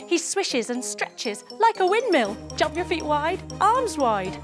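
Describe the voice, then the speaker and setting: Young woman, kids' yoga storyteller; bright high voice, unhurried, lively melody. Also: over music. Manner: playful, sing-song, with sound effects. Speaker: kids yoga instructor. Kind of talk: storytelling yoga lesson for children.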